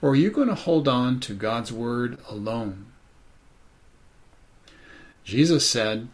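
A man's voice: medium pitch, measured pace, fairly bright tone. A man preaching a sermon as pastor, conversational and thoughtful, with many "you know" asides.

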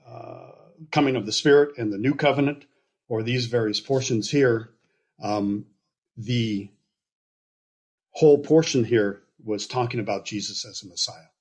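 A man teaching a Bible passage in a relaxed, conversational way, often checking in with his listeners with asides. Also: medium pitch, unhurried, pauses often, husky. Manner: relaxed, explaining with frequent okays and asides.

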